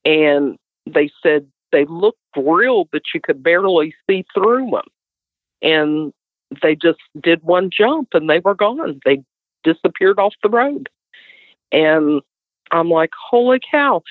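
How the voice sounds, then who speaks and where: A middle-aged woman with a West Virginian accent, telling a story as an animated guest. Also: on the low side, a little slow, dry recording. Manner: animated storyteller, acts out others' voices. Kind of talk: casual storytelling. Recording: tinny dry phone line.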